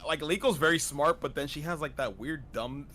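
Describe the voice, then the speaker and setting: A man's voice: a little high, normal speed, sharp tone, slight background noise. A man chatting casually as a guest on a stream, rambling with lots of restarts and fillers. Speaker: guest on a streamed anime discussion. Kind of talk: casual chat.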